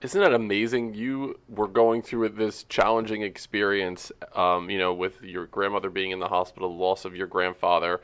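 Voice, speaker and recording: A man hosting a podcast interview, reflective and halting as he asks his questions. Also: deep voice, little pitch movement, fairly bright tone, clear, resonant tone. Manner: reflective, halting, many fillers. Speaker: podcast host.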